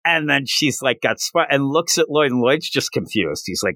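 Podcast guy rambling thru a manga recap, lots of likes and you-knows, animated, dry sound. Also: mid-range voice, moderate pace, dry recording. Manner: rambling, animated storytelling with fillers. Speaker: podcast host.

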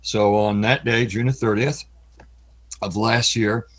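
Middle-aged male interview guest, low husky voice, halting and heartfelt, voice prone to cracking. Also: steady tone. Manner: halting, earnest, pauses often. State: voice cracks with emotion. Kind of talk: candid personal interview.

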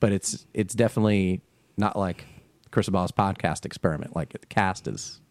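A man's voice: low voice, moderate pace, dry recording. A man from New Jersey with a New Jersey accent, hosting a podcast in casual chat and laughing often. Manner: laughs often, animated storyteller. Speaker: podcast host.

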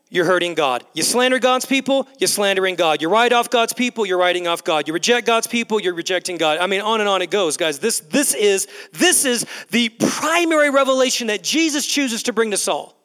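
A man delivers a sermon in a high, bright voice. He stacks emphatic, repeated phrases and talks straight to the crowd. A long reverb from the big hall trails behind every sentence. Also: lively intonation, moderate pace, clear, resonant tone. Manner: repetitive emphatic preaching, addresses crowd as guys. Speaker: pastor. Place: large church hall. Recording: long echo of a large hall.

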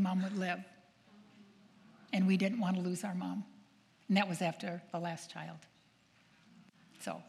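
An older woman speaks as a nun and tells stories to a gathered audience. She acts out the people she quotes and keeps asking her listeners to reflect. Her voice rings with a long reverb from a large hall, at a medium pitch. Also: a bit bright. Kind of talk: storytelling talk to an audience.

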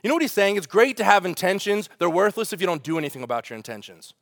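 A man preaching a sermon as pastor, in an animated, conversational way, asking the congregation rhetorical questions. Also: high voice, fast talker, no room sound, studio quality.

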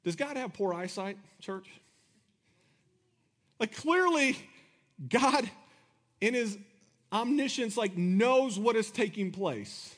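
A man's voice: sits high, lively intonation, takes it slowly, pauses often, a bit bright. A male pastor giving a sermon in a conversational way, filling his talk with "like" and laughing between points.

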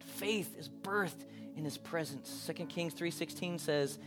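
A man's voice: a little high, measured pace, hardly any pauses. Man preaching over music. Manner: shifts between hushed intimate moments and loud animated bursts. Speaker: pastor. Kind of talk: sermon.

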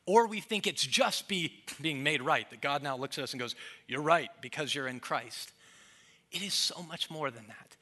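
A man, likely in his thirties, preaching a sermon as pastor, building to emphatic peaks and dropping soft to act out little scenes. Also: on the high side, slightly rough. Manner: preaching with rising emphasis, quoting his toddler in soft voices.

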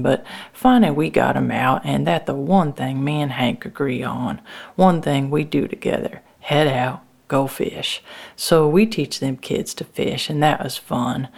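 Low gravelly woman telling a story. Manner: rural dialect, halting restarts, folksy. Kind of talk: first-person storytelling monologue.

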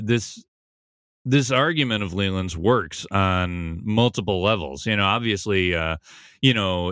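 A man's voice: lowish voice, fairly bright tone, smooth, no echo, clean studio sound. A man hosting a podcast, casually recapping and analyzing a TV episode in a thoughtful, conversational way, thinking aloud as he goes. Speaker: podcast host.

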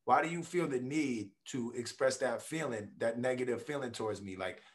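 A man's voice: medium pitch, normal speed. A man, a podcast guest, talking casually and bluntly, swearing freely and acting out quotes as he makes his points. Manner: blunt, profane, animated storytelling with acted quotes. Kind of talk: casual conversation.

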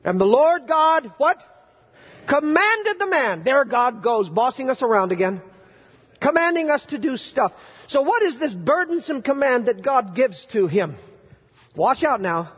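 A male pastor preaching a sermon in a church, animated and quizzing his congregation with playful sarcasm. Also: extremely high pitch, unhurried, husky. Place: church sanctuary. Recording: dull, reverberant church hall recording.

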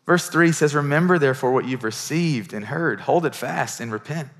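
A middle-aged man preaching to his congregation in a church, his voice sitting at an ordinary middle pitch. He talks in an earnest, conversational way, often restarting and repeating words as he builds toward a point. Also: normal speed, a bit bright. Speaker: pastor. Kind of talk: sermon.

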